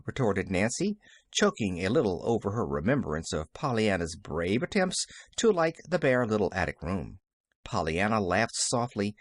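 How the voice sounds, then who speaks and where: A man's voice: on the low side, sing-song, moderate pace, no echo, clean studio sound. A man reading a novel aloud as an audiobook narrator, telling the story expressively.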